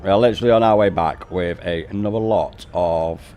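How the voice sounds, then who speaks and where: A man's voice: sits low, brisk, warm tone, faint music behind. A man streaming a game, chatting casually, laid-back and sweary, calling people "mate" often. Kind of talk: casual live-stream chat.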